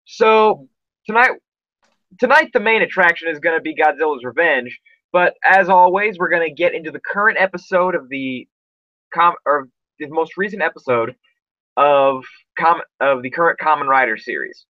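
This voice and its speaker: A man's voice: fairly high pitch, expressive, moderate pace, no room sound, highs cut off. A man hosting a casual podcast chat, rambling with lots of fillers and restarts. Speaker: podcast host.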